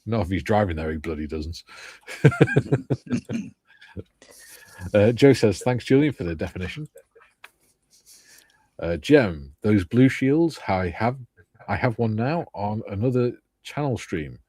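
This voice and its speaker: A man's voice: lowish voice, big pitch swings, slow, pauses often, dark tone, breathy edge, no room sound. Older man reading chat aloud. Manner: jokey, reads out chat comments. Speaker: livestream host. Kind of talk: casual livestream chat.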